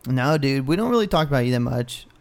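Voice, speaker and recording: A man's voice: medium pitch, lively intonation, quick pace, vocal fry. A man co-hosting a podcast, ranting in casual, profane chat. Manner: ranting, heavy swearing. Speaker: podcast co-host.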